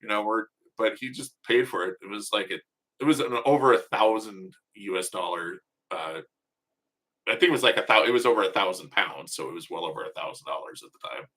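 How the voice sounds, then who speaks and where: A man's voice: lowish voice, fairly quick, pushed and bright. A man hosting a casual livestream, telling rambling, joking, profane stories. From United States. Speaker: livestream host.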